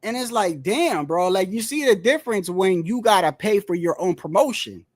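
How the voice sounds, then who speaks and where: In a dry recording, a man who commentates on boxing chats solo about the sport, wandering between topics with slangy, profane language. He speaks at a moderate pace in an expressive, high-set voice.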